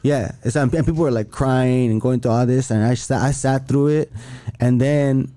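Rambling, profane man with a dark voice. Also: medium pitch, steady tone, moderate pace. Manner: rambling, profane, many restarts. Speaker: podcast guest. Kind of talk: casual chat.

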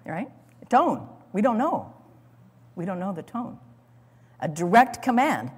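A woman's voice: medium pitch, big pitch swings, slow, pauses often, slightly rough. A woman teaching a sermon in dramatic storytelling style, repeating words as she goes. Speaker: Bible teacher. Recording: long hall reverb.

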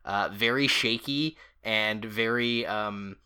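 Casting note: a tabletop player, relaxed and halting, with a bright, smooth voice. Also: male voice, on the low side. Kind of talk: casual game narration.

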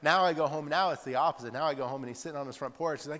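A man's voice: mid-range voice, rapid-fire, hardly any pauses, a bit bright. A male preacher giving a sermon in a chatty, storytelling way, often laughing and tossing in "like" asides. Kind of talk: sermon with personal stories. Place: church hall. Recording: long reverb in church hall.

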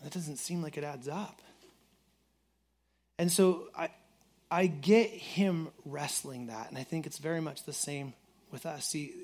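Pastor, male, slightly high voice, casual earnest sermon delivery full of restarts. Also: a little slow, pauses often, a little mellow. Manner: earnest, repeats words and says "like" often. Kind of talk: conversational sermon.

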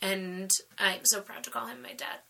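A woman sharing a personal faith story in conversation, animated and emotional, laughing often. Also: mid-range voice, normal speed, creaky, poor audio.

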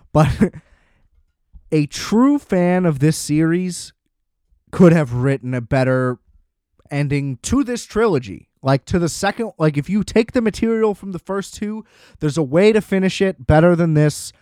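A young man casually recapping a horror film, animated and sarcastic, swearing and laughing as he goes. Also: on the high side, measured pace, no room sound, studio quality. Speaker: movie reviewer.

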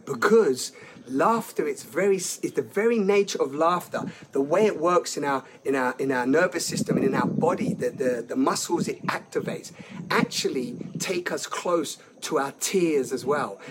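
A man talking about feelings in a casual, animated conversation, laughing often and restarting his sentences. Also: a little high, moderate pace, slight background noise.

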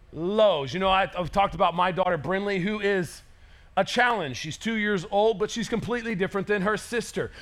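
A man in his thirties preaching a sermon as pastor, energetic and conversational, acting out quotes. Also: sits high.

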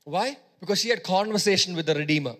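A man preaching a sermon, repeating phrases for emphasis and swinging between loud exhortation and quieter teaching. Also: high-pitched, quick pace.

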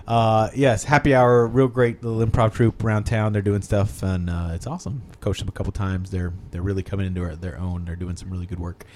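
A man co-hosting a casual comedy podcast, talking in a low-key, rambling way. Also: level tone, a little fast, few pauses, darkish tone, slight background noise. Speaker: podcast co-host.

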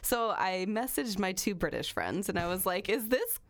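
A woman's voice: medium pitch, very animated, moderate pace. A woman co-hosting a casual chat podcast, telling a true-crime story with lots of fillers and frequent laughter.

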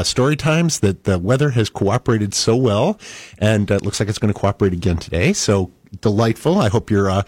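A man hosting a library radio show, greeting listeners and talking in a friendly, halting way with many uhs. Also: medium pitch, darkish tone, no room sound. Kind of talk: casual radio chat.

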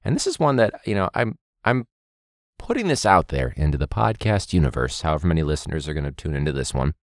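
A man's voice: rumbling low, fast talker, dry recording, studio quality. A young man, a teacher hosting a podcast, talking casually and animatedly, joking and mimicking others. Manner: animated, jokey, mimics people in a loud voice.

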